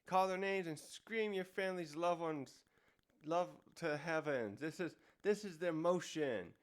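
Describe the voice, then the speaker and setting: A man's voice: a little high, unhurried, natural voice. A man voicing a sadistic male villain, in a mocking, relishing way. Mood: gloating.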